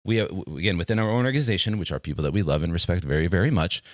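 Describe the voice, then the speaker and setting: A man co-hosting a casual podcast, speaking haltingly with restarts and dropping wry asides. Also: sits low, dry recording, studio quality. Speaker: podcast co-host. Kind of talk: casual chat.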